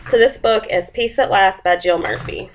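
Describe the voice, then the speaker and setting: A woman's voice: mid-range voice, slight background noise. Sniffly woman reading aloud. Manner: reads story slowly with expressive character voices and sound effects. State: sniffly from a cold. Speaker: teacher presenting a lesson plan. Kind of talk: explaining a lesson and reading a picture book aloud.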